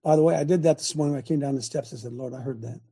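An older man hosts a talk show from a small home studio, preaching in a folksy, emphatic manner, quoting scripture and repeating phrases to drive points home. His voice is a little high, steady and warm, with rapid-fire delivery.

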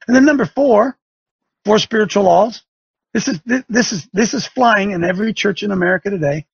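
A man's voice: sits high, fairly quick, gravelly, husky, dry recording, highs cut off. A man hosting a religious talk show, preaching with sarcasm and rising fire. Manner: fiery, sarcastic, rising to shouts.

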